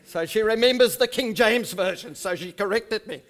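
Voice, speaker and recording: A man in his fifties preaching a sermon to his church, reading scripture slowly and emphatically, then dropping his voice to soft asides. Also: high-pitched. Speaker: pastor. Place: church service.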